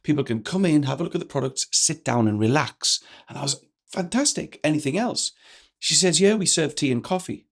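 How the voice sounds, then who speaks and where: Energetic man telling a story. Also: fairly high pitch, a little fast. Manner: energetic, acts out quoted dialogue. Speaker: guest speaker. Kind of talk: animated storytelling in a podcast interview.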